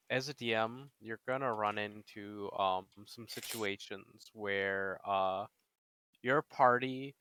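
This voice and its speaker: A male co-host in a casual chat, hesitant and full of fillers. His voice is bright and smooth, dry on a close mic. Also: mid-range voice, dry recording. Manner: relaxed, hesitant with many fillers. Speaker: podcast co-host, dungeon master.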